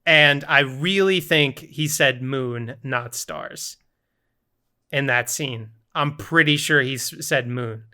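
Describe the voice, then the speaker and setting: A man's voice: mid-range voice, slow pace, pushed and bright. A man co-hosting a podcast game, playful and teasing in casual chat. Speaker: podcast co-host.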